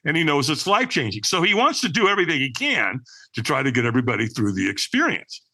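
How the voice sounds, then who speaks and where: A man with a fairly high, bright, forceful voice tells a personal story on a podcast. His pitch swoops up and down as he acts out other people's lines and often checks in with "right?". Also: sing-song, fast. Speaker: podcast guest.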